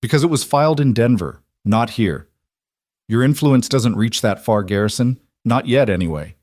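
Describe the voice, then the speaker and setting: A man voicing a quiet young cowboy stranger who stays calm and measured even when threatening. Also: mid-range voice, no echo, clean studio sound, close to an everyday voice. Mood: cool.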